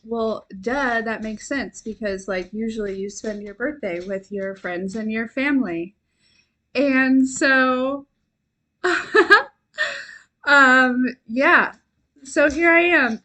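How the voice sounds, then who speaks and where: A young woman hosting a live stream, chatting warmly and rambling, giggling and at times tearful with gratitude. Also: fairly high pitch. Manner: chatty, rambling with many fillers. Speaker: livestream host and intuitive reader. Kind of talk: casual livestream chat.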